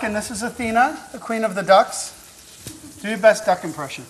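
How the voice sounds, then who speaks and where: At the stove of a show kitchen, a cooking-show host speaks briskly in a high voice, with faint music behind him and poor audio. His step-by-step instructions are upbeat and chatty, and his manner is encouraging and teasing.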